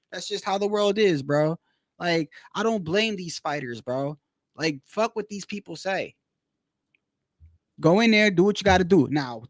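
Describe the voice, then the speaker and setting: High-voiced man ranting, dry close sound. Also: no room sound. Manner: profane, heated, repeats himself. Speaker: boxing commentary streamer. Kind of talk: casual ranting commentary.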